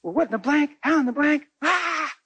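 A man putting on a shrill distraught street woman. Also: sing-song, normal speed, bright, forceful tone, husky, dry recording, exaggerated voice. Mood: defensive. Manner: high, shrill and pleading. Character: distraught streetwise woman, defensive then breaking down.

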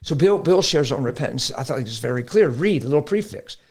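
A middle-aged man, a pastor, talking about faith in a lively conversational preaching style, acting out quotes as he tells stories. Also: medium pitch, quick pace, husky. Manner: animated storytelling, acts out quotes. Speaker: pastor guest.

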